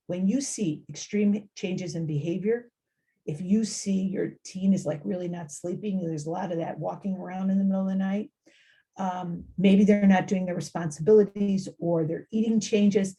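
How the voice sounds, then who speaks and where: A middle-aged woman giving an informal talk to parents, lively and conversational, often acting out quoted lines and repeating phrases for emphasis. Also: mid-range voice, unhurried. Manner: animated, acts out quoted voices, repeats phrases. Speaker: family engagement speaker.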